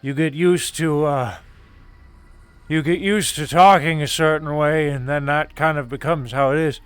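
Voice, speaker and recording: Male actor as a slow, meandering craftsman in a put-on British accent, voice a touch high, full of hesitations. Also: fairly even intonation, clear, resonant tone, dry recording, close to an everyday voice. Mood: musing. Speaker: role-play character. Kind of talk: live-streamed role-play.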